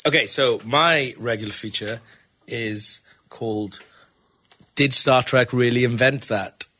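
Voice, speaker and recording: A man's voice: mid-range voice, a little slow. A man hosting a comedy podcast quiz segment, rambling and hesitant, with lots of fillers and laughter. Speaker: podcast host presenting a quiz feature. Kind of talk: casual comedy podcast banter.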